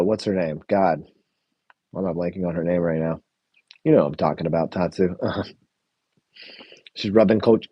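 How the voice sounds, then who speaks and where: A man's voice: low voice, breathy edge, no room sound, highs cut off. A young man hosting a live show review stream, chatting casually with lots of fillers and answering his chat. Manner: rambling, many fillers, reads live chat.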